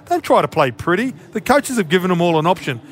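A man's voice: high-pitched, fast talker. An Australian man, a former player turned commentator, talking bluntly in casual sports radio banter. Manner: blunt, animated, peppers talk with "mate". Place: radio studio.

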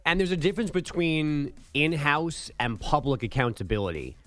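A man co-hosting a sports radio show, laying out his argument at length in a measured way. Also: fairly high pitch, very animated, fairly bright tone, soft background music. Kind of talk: casual sports radio banter.

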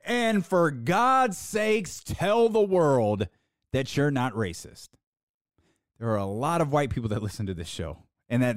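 A podcast host giving an opinionated sports talk monologue, sarcastic, with mocking put-on quotes and dramatic pauses. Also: medium pitch, dry recording, studio quality.

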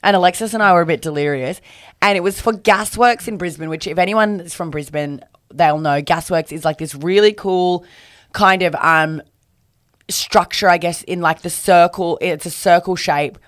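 A woman guest on a podcast, telling stories in a lively, animated way and swearing freely. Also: lowish voice, moderate pace, dry recording, clean studio sound. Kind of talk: casual chat.

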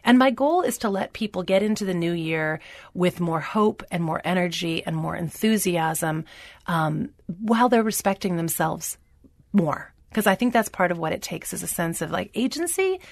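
A woman's voice: lowish voice, lively intonation, moderate pace, creaky, no echo. A woman author being interviewed on the radio, speaking earnestly and encouragingly about her plans. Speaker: author and guest.

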